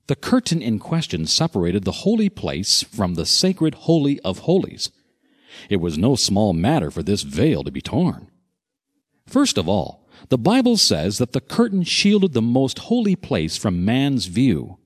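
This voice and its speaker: Husky man narrating with dramatic swings. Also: fairly low pitch, a little slow. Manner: dramatic, expressive storytelling. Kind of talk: scripted Bible teaching narration.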